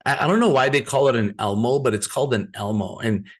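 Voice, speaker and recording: A man's voice: medium pitch, fast talker, slightly rough. Man giving a chatty online business training. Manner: storytelling, repeats words and restarts, addresses audience directly. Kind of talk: live online training presentation. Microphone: video call.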